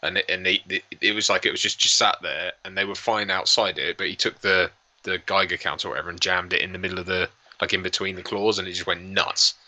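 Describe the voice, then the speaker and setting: A man with a deep voice and a sharp, bright edge, talking quickly in a casual co-host chat. He strings asides together, and the sound is dry and close on a clip-on mic. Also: steady tone, no room sound. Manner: fast, chatty, trailing asides. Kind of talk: casual watch-party chat. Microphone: lavalier.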